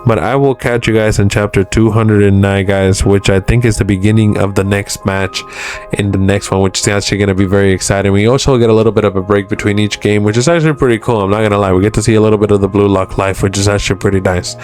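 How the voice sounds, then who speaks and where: A man's voice: lowish voice, level tone, fast, a little mellow, soft background music. A man hosting a casual manga review, retelling a chapter's dialogue with constant "he's like" tags.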